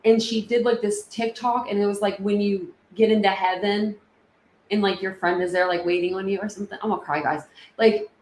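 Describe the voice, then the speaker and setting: A woman's voice: medium pitch, steady tone, a little fast, a little mellow. A woman hosts a casual livestream, answering viewers in a chatty, feeling way full of fillers. Her voice rings in a roomy, echoey space with a faint hum of background noise. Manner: chatty, emotional, many fillers. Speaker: livestream host. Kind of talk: casual livestream chat reading comments.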